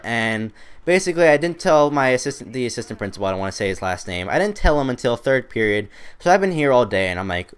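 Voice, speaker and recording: A man's voice: lowish voice, animated, fast, clear, resonant tone. A teenage boy rambling through a school story over gameplay commentary, chatty and self-mocking. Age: teens. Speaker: gaming commentator.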